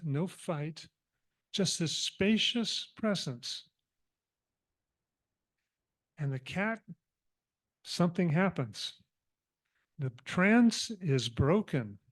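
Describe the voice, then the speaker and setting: A man giving a sermon as minister, telling a parable in an animated, humorous and reflective way. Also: fairly high pitch. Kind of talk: storytelling sermon.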